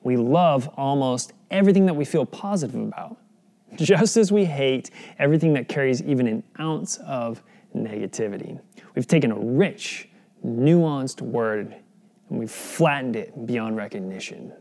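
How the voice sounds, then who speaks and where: A man's voice: mid-range voice, lively intonation, moderate pace, a little mellow. A young adult man preaching a sermon in an earnest, conversational way, often asking the listeners questions. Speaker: pastor.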